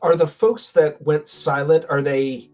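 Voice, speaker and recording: A man's voice: a little high, fairly even intonation, measured pace, faint music behind. A man playing in a tabletop game, chatting casually and asking loose questions. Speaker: player.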